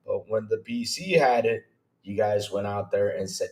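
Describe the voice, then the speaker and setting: A man hosting a gaming podcast livestream, chatting casually, greeting viewers by name and teasing in a lively way. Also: lowish voice, moderate pace. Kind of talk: casual livestream chat reading viewer comments. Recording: roomy echo.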